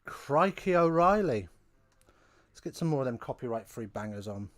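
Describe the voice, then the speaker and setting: A man's voice: on the low side, quick pace, dark tone, dry recording. Chatty man hosting a watch-along. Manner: chatty, rambling, wry asides. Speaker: host of a live rugby watch-along. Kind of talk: casual live watch-along commentary. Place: at home.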